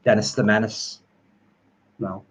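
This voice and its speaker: A horror film streamer, this middle-aged Liverpudlian rambles happily about old movies while reading viewers' comments on a home live stream, full of homely expressions. He speaks slowly in a fairly low, husky voice with a level tone.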